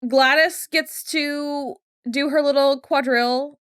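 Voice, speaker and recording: Woman, young adult, casual recap chat, animated storytelling, slightly high voice, dry sound. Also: slow pace, no room sound. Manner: chatty, animated retelling with quoted voices. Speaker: podcast co-host.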